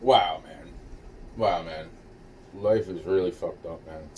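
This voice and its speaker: Rambling, profane man with a lowish voice. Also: slow, a little hiss or hum. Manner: rambling, profane, frequent restarts and stammers; calm, low-key delivery. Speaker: storyteller recounting a personal ordeal. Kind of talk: casual spoken recollection.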